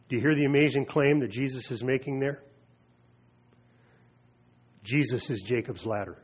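A man preaching a sermon, retelling scripture with slow, emphatic pauses and drops in his voice. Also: medium pitch, breathy edge. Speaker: pastor.

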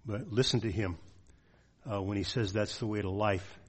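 A man's voice: on the low side, fairly even intonation, normal speed. A male pastor preaching a sermon in an earnest way, with frequent "uh" fillers, then closing in prayer.

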